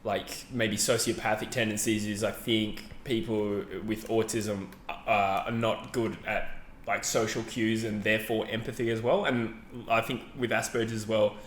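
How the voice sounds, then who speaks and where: A man's voice: lowish voice, little pitch movement, normal speed, slight background noise. A man co-hosting a podcast, chatting casually and hedging as he rambles and corrects himself. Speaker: podcast co-host. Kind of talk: casual chat. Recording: roomy echo, faint background ambience.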